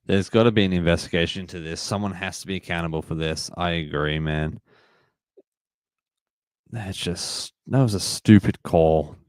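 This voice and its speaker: A young man hosts a live sports watch-along, reacting to plays, getting frustrated at the calls and reading chat messages aloud. His voice is deep and his speed normal, captured in clean studio sound with no echo.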